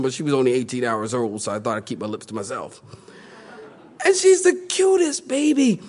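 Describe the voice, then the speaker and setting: A man's voice: fairly quick, slightly rough. A male pastor preaching a sermon, telling stories animatedly and acting out the people in them. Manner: animated storytelling, acting out voices with big pitch jumps.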